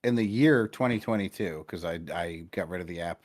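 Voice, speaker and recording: A man's voice: deep voice, a little fast, darkish tone. A man co-hosting a podcast over a call, rambling about sports in a profane, self-deprecating way. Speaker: podcast co-host. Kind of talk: casual sports chat. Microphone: remote call connection.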